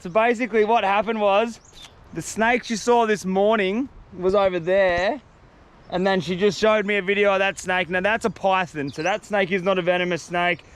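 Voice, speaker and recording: A young man, vlogging outdoors in the bush, rambling excitedly in casual slang. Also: high-pitched, clear, resonant tone. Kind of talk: casual outdoor vlog narration.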